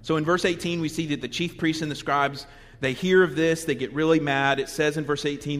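Animated preacher in a reverberant hall. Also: male voice, mid-range voice. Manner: animated, conversational with humorous asides. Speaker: pastor. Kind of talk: sermon.

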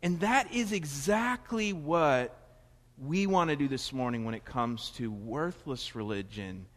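Southern-sounding pastor in a reverberant hall. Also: male voice, mid-range voice, fairly bright tone. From Florida. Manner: conversational, digressive with self-corrections. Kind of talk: sermon. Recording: long reverb of a large hall.

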